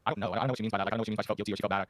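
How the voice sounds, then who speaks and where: Fast-rambling man, dry close sound. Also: fairly low pitch, level tone, a bit bright, no room sound. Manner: rambling, hesitant, apologetic. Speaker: interview guest. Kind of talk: casual interview answers.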